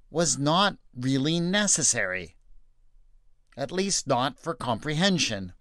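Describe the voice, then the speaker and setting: A man reading scripture aloud and reflecting on it as a podcast host, with a measured, deliberate delivery. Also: medium pitch, a bit bright, dry recording, clean studio sound.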